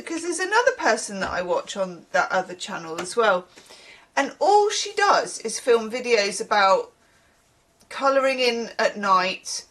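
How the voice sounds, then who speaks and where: A woman giving a casual, rambling tarot reading, chatting with animated asides. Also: mid-range voice. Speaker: tarot reader.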